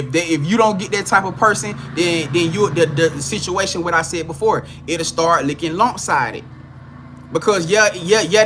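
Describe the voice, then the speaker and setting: There's a little hiss or hum behind this man's fairly high, sharp-toned voice. He's a spiritual card reader on a casual live stream, speaking directly to viewers with chatty repetition, profanity and frequent laughter.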